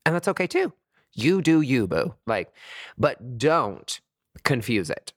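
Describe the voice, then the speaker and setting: A man talking candidly to his viewers in a sassy, animated way, full of swearing and pet names, with sudden high squeals of disgust. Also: takes it slowly, husky, no room sound, clean studio sound. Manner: very expressive pitch swings, high squeals of disgust. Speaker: vlogger sharing dating opinions.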